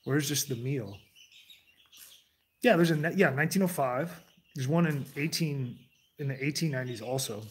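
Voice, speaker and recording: Man streaming, slightly raised pitch, rambly off-the-cuff talker who drifts between tangents. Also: fairly quick, slight background noise. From United States. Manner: digressive, restarts sentences, jumps between tangents. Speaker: livestream host. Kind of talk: casual rambling monologue to chat.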